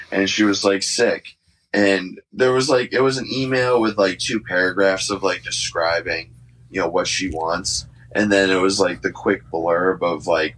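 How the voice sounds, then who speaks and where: Low voice guy hosting his podcast, loose and jokey, lots of "like". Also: fairly bright tone. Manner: loose, laughing, swearing, filler-heavy. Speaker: podcast host. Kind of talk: casual podcast chat.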